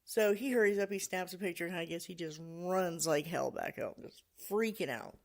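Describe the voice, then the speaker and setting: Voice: mid-range voice, normal speed, vocal fry. A podcast host casually retelling a story, full of "you know" and "like," laughing now and then.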